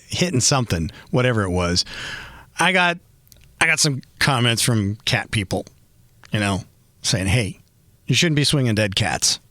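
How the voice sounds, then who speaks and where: A man's voice: mid-range voice, fairly bright tone, dry recording, studio quality. A man hosting a podcast, chatting casually in a rambling, self-mocking way and laughing often. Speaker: podcast host. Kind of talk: casual podcast monologue and interview.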